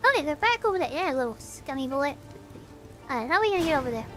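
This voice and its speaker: A woman's voice: high-pitched, very animated, rapid-fire, fairly bright tone, soft background music. A woman streaming a game as a vtuber, chatting in a goofy, self-mocking way and humming along. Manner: goofy and self-mocking, hums and sings along while playing. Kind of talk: casual gaming stream chat.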